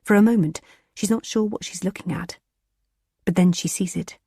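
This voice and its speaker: Husky woman narrating a thriller. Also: lowish voice, moderate pace, mellow, dry recording, studio quality. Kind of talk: scripted audiobook narration.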